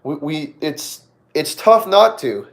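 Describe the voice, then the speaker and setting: A man's voice: on the high side, sing-song, slow pace, gravelly. A young man hosting a live Q&A stream, chatting casually with viewers, repeating himself often and laughing a lot. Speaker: livestream host.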